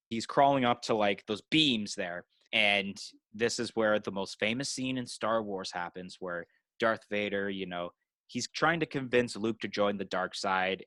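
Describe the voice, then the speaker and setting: A man's voice: fairly low pitch, measured pace, a bit bright, no echo. A man co-hosting a podcast, retelling a movie in loose casual chat with lots of "you know" and "like" fillers. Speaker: podcast co-host.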